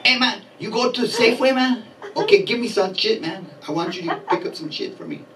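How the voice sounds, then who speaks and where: A man's voice: high voice, animated, a little fast, crowd noise. A middle-aged man from Colorado doing a bawdy stand-up comedy set in a small venue, acting out characters in his stories. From Colorado, USA. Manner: loose, bawdy storytelling with voiced-out characters. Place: small chapel venue with live audience. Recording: distant camera mic, noisy room.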